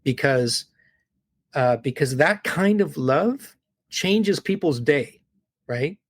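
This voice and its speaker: A man's voice: fairly high pitch, expressive, slow, dry recording. A man talking as a podcast guest, telling stories in an earnest, heartfelt way and often checking in with "right?". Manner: heartfelt, repeats words and asks "right?". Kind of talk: earnest conversational storytelling.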